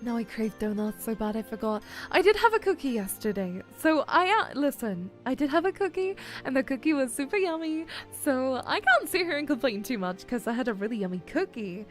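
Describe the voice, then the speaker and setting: A woman's voice: high-pitched, sing-song, fairly quick, few pauses, faint music behind. A young adult woman streamer chatting casually with her viewers, giggling often and whining in a playfully dramatic way. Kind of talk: casual livestream chat.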